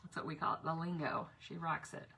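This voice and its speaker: A woman's voice: low voice, steady tone, a little fast, gravelly, noisy background. A middle-aged woman rambling through stories in a casual craft vlog, chatty and laughing between asides.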